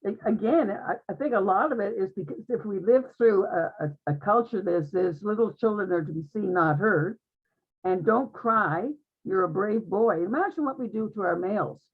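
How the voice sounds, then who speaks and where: Woman, husky voice, earnest uplifting spiritual talk, phone-line sound. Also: medium pitch, expressive, normal speed. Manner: earnest, uplifting, repeats phrases. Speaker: guest speaker in an online group conversation.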